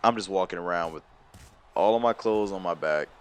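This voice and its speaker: A man's voice: sits low, a little fast, clean tone. A young man telling a personal story in a casual, rambling, slangy way, full of fillers and quoted exchanges. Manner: rambling, slangy, animated retelling with many fillers. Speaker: storyteller vlogger.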